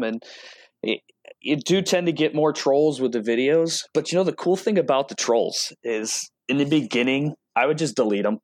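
A man's voice: on the high side, animated, normal speed, dry recording. A man telling stories in a casual interview, acting out quotes from people he talks about. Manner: chatty storyteller, acts out quotes. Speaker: automotive product rep and guest.

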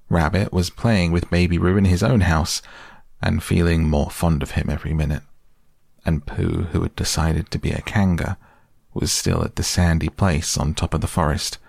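A man reading a children's storybook aloud in an unhurried, gentle way. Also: deep voice, fairly even intonation, gravelly, breathy edge, no room sound, clean studio sound. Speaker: narrator.

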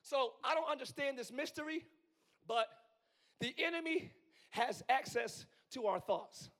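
A man in his forties preaching with a strikingly high voice, hoarse from use. He drifts between hushed, thoughtful asides and loud, yelled exhortation, the way a pastor works a live congregation. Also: unhurried. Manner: swings from quiet musing to yelling. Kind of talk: live sermon. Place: church sanctuary.

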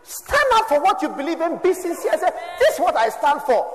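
High-voiced preacher in a reverberant hall. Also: male voice, sing-song, fairly quick. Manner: preaching with shifts from shouts to low asides. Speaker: pastor. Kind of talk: sermon.

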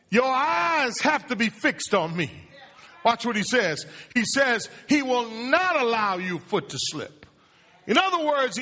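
A male pastor preaches with a high, bright voice that swings widely up and down. He builds phrases into shouts and calls out to the congregation. His voice rings through a church with a long reverb. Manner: impassioned preaching with call-and-response cries. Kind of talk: sermon. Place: church sanctuary.

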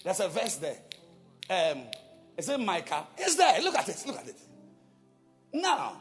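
A man's voice: sits high, huge pitch swings, unhurried, long pauses, in a large hall, faint music behind. A male pastor preaching a sermon, repeating phrases and building up to emphatic calls to prayer. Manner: emphatic, repetitive, calls for responses.

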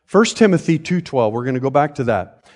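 A man's voice: mid-range voice, sing-song, brisk, darkish tone, big-room sound. An older man preaching a sermon from a church pulpit, conversational, with joking asides and frequent check-ins with the congregation. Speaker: pastor. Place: church sanctuary.

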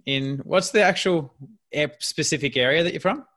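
A man's voice: on the high side, normal speed, a bit bright, no echo, clean studio sound. An Australian man hosting his own podcast, chatting loosely with fillers and a self-mocking tone. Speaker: podcast host and business coach. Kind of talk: casual podcast chat.

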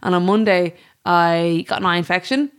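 A woman's voice: on the low side, steady tone, normal speed, smooth. A young Irish woman, a podcast co-host, telling stories in casual chat and swearing freely. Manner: chatty storyteller, swears freely.

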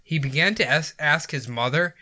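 A man's voice: on the high side, moderate pace, sharp tone. A man hosting a podcast, casually telling a spooky story and laughing often. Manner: jokey, laughs often between lines.

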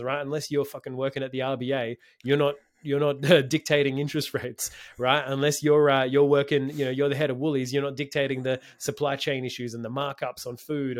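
A man with a medium-pitched voice, co-hosting a podcast. He chats in a relaxed, rambling way, full of fillers and the occasional swear word. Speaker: podcast co-host. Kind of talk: casual podcast chat.

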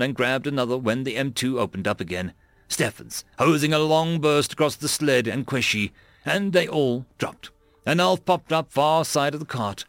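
A man reading military fiction as an audiobook narrator, in a lively, dramatic style. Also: mid-range voice, no room sound.

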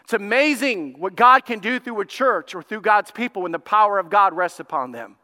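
A man preaching with emphatic energy, often turning to ask the congregation questions. His voice sits high and sounds bright and forceful. The sanctuary adds a long, rolling reverb. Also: lively intonation, normal speed, hardly any pauses. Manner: addresses the congregation directly with questions. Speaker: pastor. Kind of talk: sermon. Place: church sanctuary. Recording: echoey church hall.

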